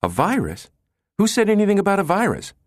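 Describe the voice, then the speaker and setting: A man's voice: mid-range voice, expressive, normal speed, no room sound, studio quality, pitched above the performer's own voice, close to an everyday voice. A man voicing a nervous, exasperated male office assistant who pleads in a flustered way.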